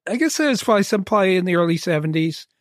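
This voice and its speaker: Higher-voiced man, reflective podcast guest. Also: expressive, quick pace, no room sound, studio quality. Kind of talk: casual podcast discussion.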